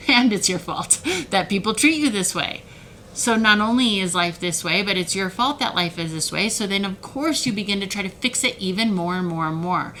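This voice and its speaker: A woman speaks straight to camera in a heated, animated way, her voice bright and forceful. She often slips into mocking imitations of other people. A faint hiss sits under her voice. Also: mid-range voice, rough recording. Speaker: self-help video creator. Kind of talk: emotional direct-to-camera talk.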